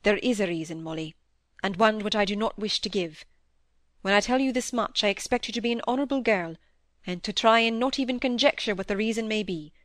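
A woman reading the part of a middle-aged male country doctor, a gruff but fond father who speaks gravely and with a little impatience. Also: medium pitch, no echo, studio quality, lightly acted. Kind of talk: audiobook dialogue reading.

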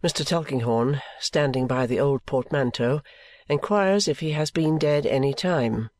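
A man reads a novel aloud in a measured, even storytelling voice. His pitch sits in a plain middle range. The recording is dry and close, with no room sound. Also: dry recording. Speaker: audiobook narrator. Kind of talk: scripted narration.

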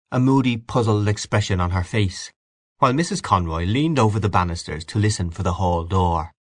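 A man reading a literary story aloud in a measured, expressive way. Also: fairly low pitch, no room sound, studio quality. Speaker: audiobook narrator. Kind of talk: scripted literary narration.

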